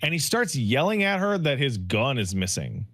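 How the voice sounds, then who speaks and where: A podcast co-host recaps a game in casual chat, telling an animated story full of swearing and mock dialogue voices. His mid-range voice moves at normal speed, recorded with studio quality and no echo.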